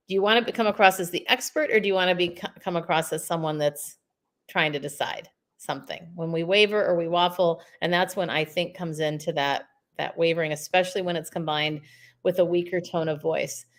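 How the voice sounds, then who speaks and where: A woman in her fifties with a somewhat low voice talks as a podcast guest about communication. She is emphatic and energetic, and she acts out spoken examples to make her point. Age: 50s. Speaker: communication coach.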